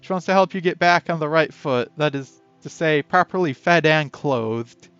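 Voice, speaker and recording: A man's voice: on the high side, moderate pace, fairly bright tone, clear, resonant tone, dry recording. A man reading a text game aloud in a casual playthrough, chatty and breaking off to add his own comments. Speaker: game player and narrator. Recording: dull lo-fi audio with faint music.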